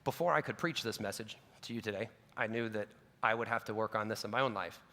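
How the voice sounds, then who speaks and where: A male pastor tells a story in a gravelly, forceful voice, earnest and conversational, catching himself with quick asides. His words ring out with a long reverb from a large hall. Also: on the low side. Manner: earnest, personal, with self-corrections and asides.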